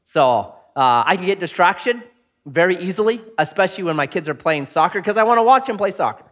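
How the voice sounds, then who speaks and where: A man in his thirties preaching a sermon, telling a family story with animated, self-deprecating humor. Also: high voice, brisk. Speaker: pastor.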